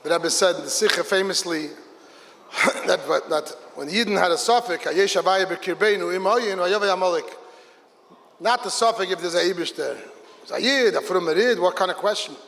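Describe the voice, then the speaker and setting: A man, a rabbi, telling a story at a Hasidic gathering, lively and acting out the people in it. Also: high-pitched, normal speed. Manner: animated, voices characters in the story. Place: large hall with a gathered audience. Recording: long hall reverb.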